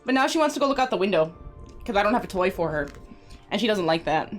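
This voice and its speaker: A woman's voice: mid-range voice, very animated, fast, soft background music. A woman streamer chatting casually while she plays, rambling and talking sweetly to her pets. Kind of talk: casual live-stream chat while gaming.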